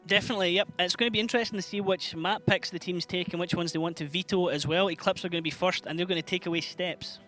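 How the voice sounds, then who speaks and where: A man hosting esports commentary, briskly prompting his co-caster with questions. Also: sits high, steady tone, a bit bright, faint music behind.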